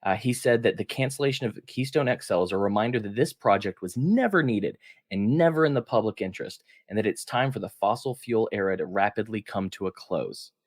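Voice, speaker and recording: A man's voice: fairly low pitch, animated, brisk, hardly any pauses, no echo, studio quality. A man co-hosting a political podcast, chatting casually in an upbeat way and laughing often. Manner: upbeat, laughs often, reads headlines aloud. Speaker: podcast co-host.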